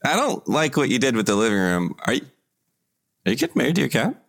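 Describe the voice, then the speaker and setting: A man playing an exasperated young roommate in an improv comedy scene, with a dry, halting delivery. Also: mid-range voice, wildly swooping pitch, vocal fry, fairly bright tone, heavily acted. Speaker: improv performer.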